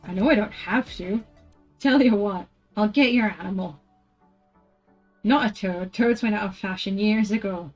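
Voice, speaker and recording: A big, gruff, good-hearted giant of a man , voiced by a woman reading aloud. The put-on accent slides around instead of holding steady, and the voice sits at an ordinary middle pitch. Faint music plays underneath. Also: moderate pace, natural voice. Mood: gruff, kindly. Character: big gruff kindly male giant groundskeeper.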